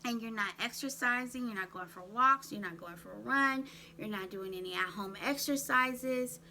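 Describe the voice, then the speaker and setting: A woman vlogs about self-care, coaching viewers directly to camera with rapid-fire questions and repeatedly telling them to "write that down." Her voice is fairly high and sharp, with slight background noise.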